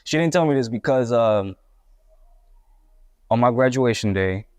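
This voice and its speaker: In a dry, smooth recording, a young man from Puerto Rico shares his life story as a guest hip-hop artist in casual interview style. His mid-range voice is animated yet unhurried, and his candid telling rambles with many restarts.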